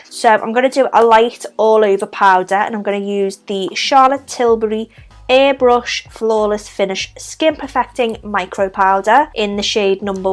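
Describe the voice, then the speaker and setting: A young woman with a Liverpool Scouse accent, talking through a makeup tutorial step by step with chatty, self-deprecating asides. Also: on the high side. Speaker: makeup vlogger. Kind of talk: casual makeup tutorial narration.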